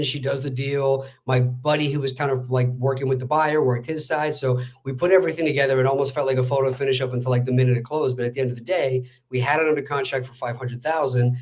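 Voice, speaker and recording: A real estate wholesaler, appearing as a guest on a casual interview, tells a story in a rapid, chatty way packed with fillers. His voice is mid-range and his tone stays steady.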